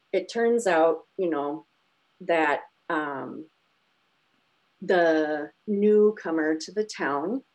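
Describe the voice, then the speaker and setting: Low-voiced woman retelling a film. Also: low-quality recording. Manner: emotional, animated retelling. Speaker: podcast co-host. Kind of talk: casual chat.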